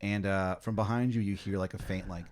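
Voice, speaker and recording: A man's voice: sits low, steady tone, brisk. A man hosting a comedy podcast, casually narrating an improvised scenario in second person with lots of fillers and swearing.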